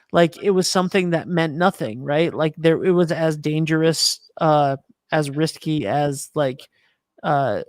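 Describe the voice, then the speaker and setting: A man's voice: fairly high pitch, no room sound, clean studio sound. A man hosting a podcast, rambling through casual chat with lots of fillers as he thinks aloud. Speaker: podcast host.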